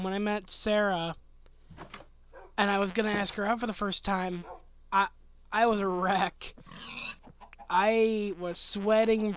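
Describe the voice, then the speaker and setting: A gaming channel host in his twenties answers questions late at night, sleepy and yawning, chatting casually with chuckles, rambling, and trailing thoughts. His high voice is a bit bright, and the poor audio has a little hiss or hum.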